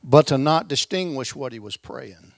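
Animated folksy male preacher. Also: medium pitch, moderate pace, gravelly, dry recording. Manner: folksy, emphatic, swings between loud stresses and quiet asides. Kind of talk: lively sermon.

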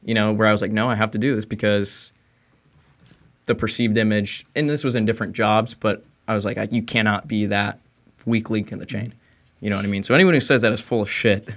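A man's voice: lowish voice, steady tone, brisk. A man co-hosting a casual podcast chat, mostly agreeing and adding crude remarks. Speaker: podcast co-host.

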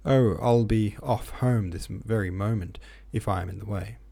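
A man reading a novel aloud, voicing a flirtatious, chatty baroness in his own gravelly voice. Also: fairly low pitch, normal speed, dark tone. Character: flirtatious chatty baroness, woman, society lady.

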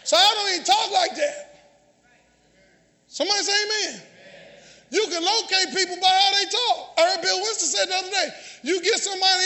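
A man preaching a sermon, shouting call-and-response lines to his congregation and often repeating or restarting phrases. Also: extremely high pitch, fairly even intonation, a little fast, vocal fry. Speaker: pastor. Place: large church sanctuary. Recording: long church reverb, faint congregation.

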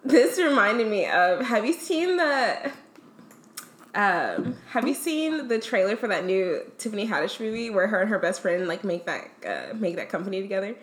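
Playful woman, lively high voice, quick interjections, echoey room. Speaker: podcast co-host. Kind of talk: casual chat.

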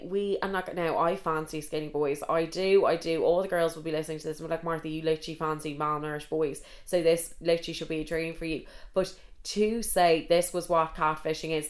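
Young Irish woman, slightly low voice, casual sweary storyteller with loud animated rants. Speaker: podcast storyteller.

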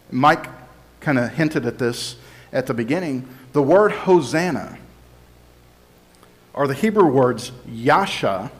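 A man preaching in a relaxed, conversational way, walking listeners through scripture step by step. His voice sits at an ordinary middle pitch. He explains things plainly and now and then slips into voicing the people in the story. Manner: explanatory, acts out crowd and Pilate quotes. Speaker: pastor. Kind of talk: conversational sermon.

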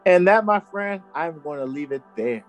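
A man's voice: fairly high pitch, expressive, moderate pace, soft background music, rough recording. A man hosting a true-crime podcast who tells the story in a casual, jokey way and laughs easily. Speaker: podcast host telling the story. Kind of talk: casual chat.

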